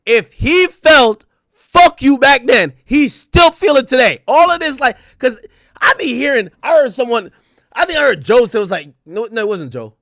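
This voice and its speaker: A man's voice: extremely high pitch, very animated, moderate pace, a bit bright, no echo, clean studio sound. A man hosting a stream, giving heated, casual commentary in an emphatic, slangy way and laughing often. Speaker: streamer host.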